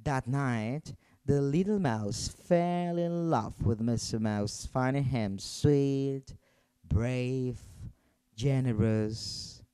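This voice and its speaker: A man reading a children's story aloud in an expressive storytelling manner. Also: medium pitch, very slow, smooth, dry recording.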